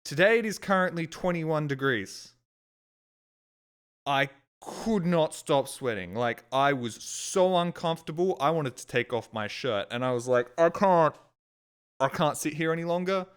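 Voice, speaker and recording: Young male streamer, rambling and profane, with a smooth, clear voice. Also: on the high side, animated, measured pace. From Australia. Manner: rambling, swearing, frustrated. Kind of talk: casual storytelling.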